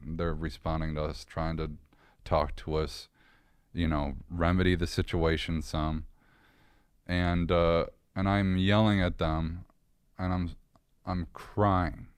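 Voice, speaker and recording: A man's voice: sits low, clear, resonant tone, no room sound, clean studio sound. A man as a podcast guest, earnestly and candidly recounting a personal story in a casual interview.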